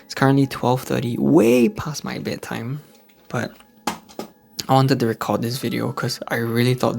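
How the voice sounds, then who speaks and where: A Singaporean man with a gravelly edge to his voice talks in a hushed, quiet way, like someone keeping his voice down indoors at night. His pitch sits in an ordinary middle range. Faint music plays softly behind him. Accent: Singaporean English. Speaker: host of a faith-based channel for men. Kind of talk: casual motivational vlog talk. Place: at home indoors late at night. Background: faint background music.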